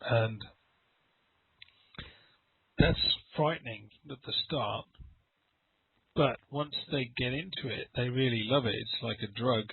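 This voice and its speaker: This middle-aged English teacher takes things slowly in his video-call lesson, his mid-range voice creaky and broken by long pauses. He rambles, repeats words and acts out brief exchanges in a conversational style. The call audio is dry and tinny, with a little hiss or hum.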